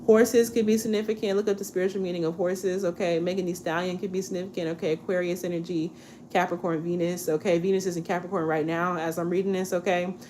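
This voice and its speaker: A woman in her twenties giving a casual tarot reading, chatty and relaxed, often checking in with "okay?". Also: lowish voice, fast, a little hiss or hum. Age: 20s. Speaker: tarot reader.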